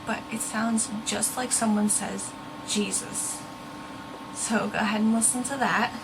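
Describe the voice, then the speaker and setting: A young woman who vlogs about ghost hunting talks to camera earnestly and casually, occasionally pausing to search for a word. Her voice is on the high side with a steady tone and normal speed, and there's background noise.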